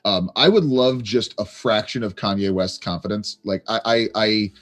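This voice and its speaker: A man's voice: lowish voice, moderate pace, a bit bright. A man chatting casually on a live stream, rambling playfully and stammering through many restarts. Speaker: chat show panelist.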